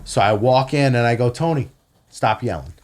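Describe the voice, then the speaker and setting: A man's voice: medium pitch, normal speed, noisy background. A man casually telling a long story on a podcast, swearing and acting out quoted dialogue. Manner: profane, animated retelling with quoted dialogue. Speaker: podcast guest. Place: home podcast room.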